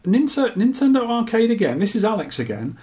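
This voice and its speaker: A man's voice: very high voice, big pitch swings, a little fast, mellow. A man hosting a podcast, chatting casually and reading out listener feedback with jokey asides. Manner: jokey, chatty, laughs at his own quips. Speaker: podcast host.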